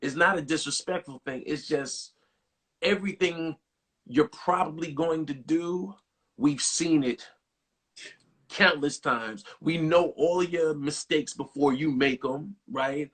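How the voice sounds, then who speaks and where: Husky middle-aged man, casual chat. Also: a little high, takes it slowly. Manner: steady listener, affirming, reflective.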